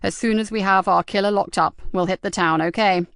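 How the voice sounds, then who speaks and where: A woman's voice: mid-range voice, steady tone, brisk, a bit bright, smooth, dry recording, studio quality, natural voice. A woman reading the part of a middle-aged male police sergeant who speaks in clipped, terse lines. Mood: warm.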